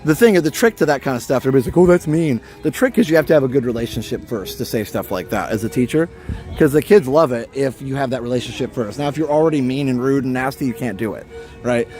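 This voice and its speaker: A man's voice: mid-range voice, lively intonation, fast talker, a little mellow, faint music behind. A man hosting a casual live stream from a theme park at night, chatting and reading out viewer comments.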